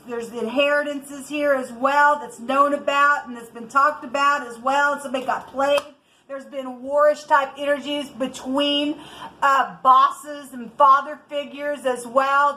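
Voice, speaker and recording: Heated, high-voiced woman tarot reader. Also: pushed and bright, poor audio. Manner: heated, indignant ranting. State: angry. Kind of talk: spiritual tarot reading to viewers.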